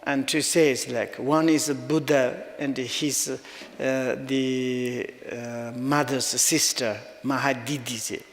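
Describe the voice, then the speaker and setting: A man giving a Buddhist teaching in halting, non-native English, often chuckling as he tells jokes. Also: mid-range voice, fairly even intonation. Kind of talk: dharma teaching talk. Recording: long reverb in a hall.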